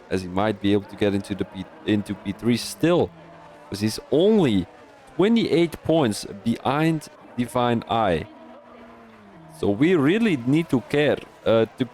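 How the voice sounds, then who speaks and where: A man giving live-stream commentary on a sim racing league, excitable, jumping up at overtakes, with many restarts. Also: mid-range voice, slight background noise.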